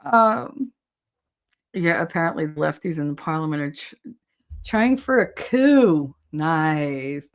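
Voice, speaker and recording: A woman's voice: low-pitched, lively intonation, takes it slowly. Blunt, swearing woman livestream host. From New Jersey. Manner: blunt, swearing, laughing often. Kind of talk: casual livestream chat reading comments.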